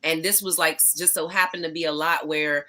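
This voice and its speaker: A woman guest on a podcast, chatting casually and telling animated stories, swearing freely and laughing often. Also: low voice, a little fast. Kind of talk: casual chat.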